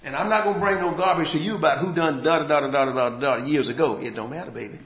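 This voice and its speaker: A man preaching a sermon in a folksy way, dropping to a hush and then rising to shouts. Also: fairly high pitch, fast talker, reverberant, lo-fi sound. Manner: swings from hushed to shouting, folksy grammar.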